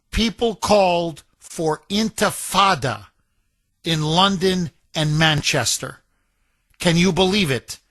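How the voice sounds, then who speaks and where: A man hosting a talk radio show, reading a listener's letter aloud with slow, emphatic delivery and repeated lines for weight. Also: on the high side, fairly bright tone, dry recording.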